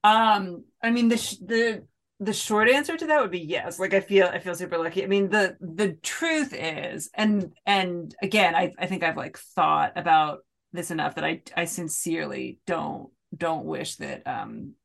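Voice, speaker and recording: A middle-aged American woman, an author, chatting as a podcast guest with self-deprecating humour, frequent laughs and halting restarts. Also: on the low side, creaky. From United States. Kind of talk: casual interview chat.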